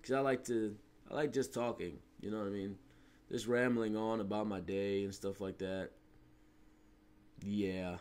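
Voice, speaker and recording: A young man rambling through a gameplay commentary, animated and slangy, laughing as he tells stories and sounding a bit sniffly. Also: lowish voice, a little slow, clean tone. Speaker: gaming video host. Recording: gunfire and clicks under voice. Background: in-game gunfire.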